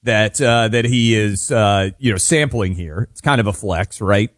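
A man's voice: lowish voice, measured pace, no echo, clean studio sound. Wry man on talk radio. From Tennessee. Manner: opinionated, wry. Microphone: studio microphone.

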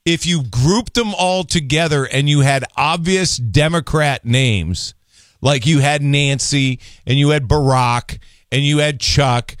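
A man hosting a call-in radio show, chatting and joking with callers in a relaxed, drawn-out way. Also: fairly high pitch, no echo, clean studio sound. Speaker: radio talk show host. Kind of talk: casual call-in talk.

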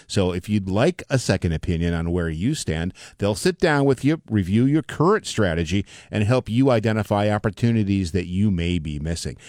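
A man reading a radio advertisement in an earnest, persuasive pitch. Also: darkish tone, no room sound, clean studio sound. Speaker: radio ad spokesman. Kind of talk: read radio ad.

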